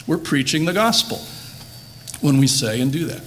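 A man delivering an earnest sermon at an ordinary middle pitch, leaning hard into the words he quotes and sometimes restarting a phrase. He later leads a soft, quiet prayer. Faint noise sits under the recording. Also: very animated, normal speed. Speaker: pastor.

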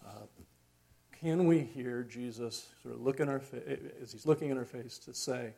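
A middle-aged man preaching a sermon in a reflective, conversational way, pausing often with fillers. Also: medium pitch, gravelly, dark tone, husky.

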